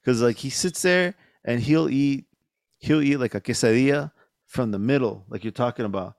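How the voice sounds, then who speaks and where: Gravelly-voiced man telling profane stories. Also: medium pitch, moderate pace, dry recording, studio quality. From Mexican-American. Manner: profane, animated storytelling. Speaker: podcast host. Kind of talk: casual chat.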